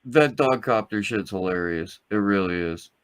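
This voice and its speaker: A man's voice: on the low side, normal speed, noisy background. A man co-hosting a live call-in show, loose and profane. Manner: loose, profane, laid-back. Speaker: co-host. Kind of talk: casual call-in chat.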